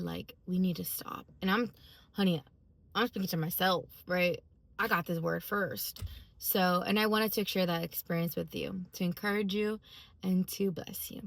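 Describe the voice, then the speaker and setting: A woman's voice: lowish voice, vocal fry, no room sound. A woman giving a casual, emphatic personal faith testimony, full of fillers as she talks. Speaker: faith vlogger.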